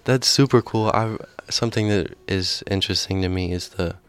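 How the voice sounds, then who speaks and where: A man's voice: deep voice, moderate pace, clear, resonant tone, no echo, soft background music. A man hosting a casual radio interview, earnest and agreeable, with rambling questions. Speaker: radio host.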